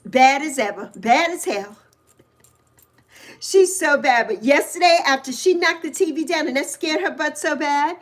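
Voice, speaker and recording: A woman in her sixties hosts a casual livestream and tells a story in a lively, chatty way. Her voice sits high, and she stops now and then to greet viewers by name. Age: 60s. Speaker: livestream host.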